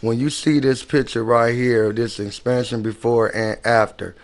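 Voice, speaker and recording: A man's voice: medium pitch, steady tone, normal speed. A man giving casual ranting commentary on videos, emphatic and slangy, often repeating and restarting his words.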